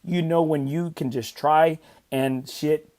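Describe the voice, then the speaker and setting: A man's voice: fairly high pitch, fairly even intonation, slow pace, a little mellow. A middle-aged man hosting a casual podcast chat, who talks emphatically and repeats phrases for stress. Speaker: podcast host and coach.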